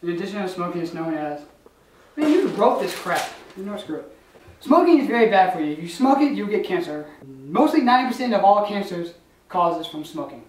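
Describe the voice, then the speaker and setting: A man's voice: high-pitched, big pitch swings, brisk, a little hiss or hum. A young man presenting facts in an amateur comedy sketch, stumbling as he half-reads from notes. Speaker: guest presenter. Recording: echoey room with the camera far off.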